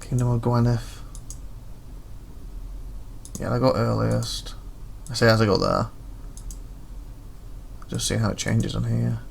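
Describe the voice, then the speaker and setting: A man's voice: mid-range voice, fairly even intonation, slow, vocal fry, long pauses, a little hiss or hum. A man hosting a gaming video, rambling and thinking aloud as he reads through game menus. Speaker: gaming channel host. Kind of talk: casual gameplay commentary.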